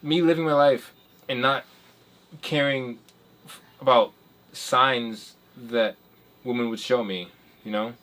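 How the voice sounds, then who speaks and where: A man in casual chat with a friend, teasing and quick to laugh. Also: medium pitch, steady tone, a bit bright.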